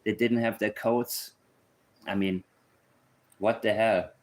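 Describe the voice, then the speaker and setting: A man's voice: fairly low pitch, fairly even intonation, slow. A man giving casual commentary on a case. He is blunt and opinionated and thinks aloud as he goes. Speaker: true crime commentator.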